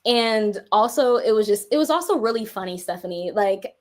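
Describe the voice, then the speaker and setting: A young adult woman, a guest music artist in a casual interview, telling her story with lively animation. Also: medium pitch, normal speed.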